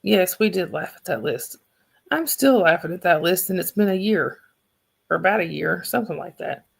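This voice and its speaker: A woman's voice: fairly low pitch, expressive, normal speed, creaky, husky. A woman with a Southern accent hosting a livestream, chatting casually and rambling with her viewers. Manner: rambling, chatty, restarts sentences. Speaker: livestream host.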